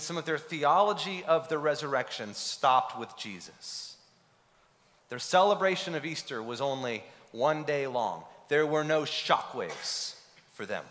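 A man preaching a sermon as pastor, animated and rhetorical, voicing imagined questions from his listeners. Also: on the high side, big-room sound. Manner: animated, rhetorical questions, acts out voices of others.

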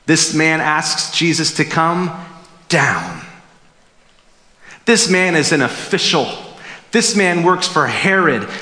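A man preaching a sermon as pastor, emphatic and animated, acting out quotes as he goes. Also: a little high. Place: church sanctuary. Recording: echoey hall reverb.

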